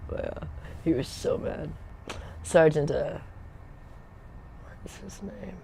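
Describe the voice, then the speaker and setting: A woman's voice: low-pitched, slow pace, vocal fry, mellow, slight background noise. Rambling woman telling a casual story. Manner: rambling and digressive, loses her thread and laughs often. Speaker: Air Force veteran telling stories on a livestream.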